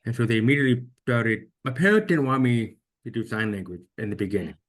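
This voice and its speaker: A man with a deaf accent tells his own story as an interview guest, his mid-range voice expressive and fast. He comes across as earnest and reflective, repeating words whenever he restarts a thought.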